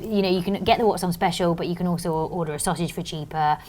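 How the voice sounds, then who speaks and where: A woman's voice: on the low side, fast talker, darkish tone. Bubbly British woman telling stories. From Britain. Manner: bubbly storyteller, acts out quotes. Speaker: magazine editor. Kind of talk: casual interview chat.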